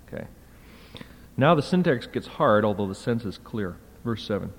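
A man's voice: on the low side, animated, moderate pace, husky. A man teaching a class on a Greek text, talking conversationally and often checking in with "right?". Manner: conversational, keeps asking "right?". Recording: hall reverb.

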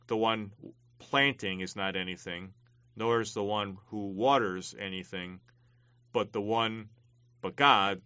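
A man teaching a class on a Greek text, halting often with ums and uhs and stressing key words. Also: on the low side, bright, forceful tone, no echo. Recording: dull lo-fi dry recording.

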